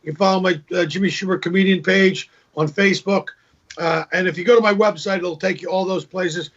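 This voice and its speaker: Husky-voiced man, lo-fi call audio. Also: high voice, fairly even intonation, a little fast, fairly bright tone. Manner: storytelling, acts out joke voices, repeats words. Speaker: guest comedian. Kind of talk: casual video call interview. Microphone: video call. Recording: dull lo-fi video call audio.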